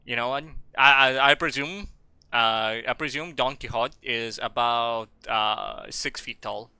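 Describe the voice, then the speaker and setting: Bright-voiced joking male game streamer. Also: mid-range voice, a little slow, smooth, dry recording. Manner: rambling, jokey, profane, with loud excited bursts. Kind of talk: casual live gameplay commentary.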